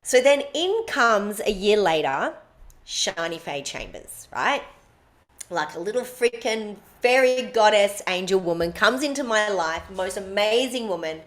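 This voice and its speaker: A woman's voice: medium pitch, animated, a little slow. Blunt, swearing woman storyteller. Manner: blunt, emphatic, swears freely. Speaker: podcast co-host. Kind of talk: casual chat, personal storytelling.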